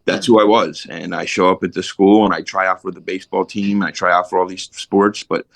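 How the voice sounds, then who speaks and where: A man spins long, streetwise stories from his past, swearing as easily as he breathes. His voice sits very low, and the recording is dry and close, with no room around it. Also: flat delivery, a little fast, vocal fry, fairly bright tone, no room sound. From Philadelphia. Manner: rambling, streetwise, swears casually. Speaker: podcast guest. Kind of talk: casual storytelling.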